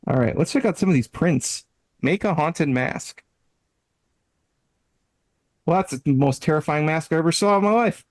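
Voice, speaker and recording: An animated man on a casual podcast reads web quizzes aloud with playful emphasis. His voice sits fairly high for a man. The sound is dry and close. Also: moderate pace, long pauses, no room sound, low-quality recording. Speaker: podcast co-host. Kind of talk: casual podcast chat, reading website text aloud.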